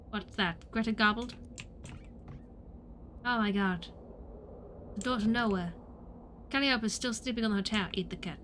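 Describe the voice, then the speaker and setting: A woman's voice: a little high, pushed and bright, slight background noise. A woman streamer playing a game, playfully reading its narration aloud. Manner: playful, reads narration quickly. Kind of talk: let's play, reading game text aloud.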